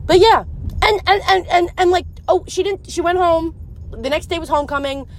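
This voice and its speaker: A young woman with a high, bright-sounding voice spills a personal story in a casual, rambling rush. She talks with animated energy, sprinkling in plenty of swearing as she goes. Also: normal speed, a little hiss or hum.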